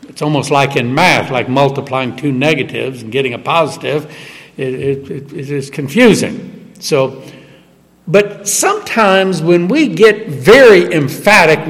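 A man preaches with a somewhat high voice that swings widely in pitch, leaning hard into every quoted verse. He is heard in a church sanctuary, and his voice trails off in a long reverb. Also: expressive, unhurried. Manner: emphatic, rising sharply on quoted verses. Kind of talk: sermon.

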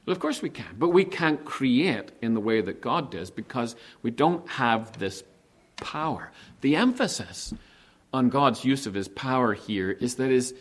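A man preaching a sermon with animated delivery, asking rhetorical questions and slowing down to stress key words. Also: medium pitch. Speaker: pastor.

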